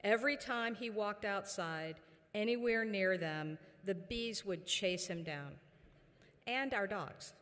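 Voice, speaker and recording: A woman addresses graduates from a podium, moving through a personal anecdote with filler words and easy pauses. Her voice sits at a middle pitch. It rings with the long reverb of a large ceremony hall. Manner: warm storytelling with frequent fillers. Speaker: university chancellor. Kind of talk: commencement address.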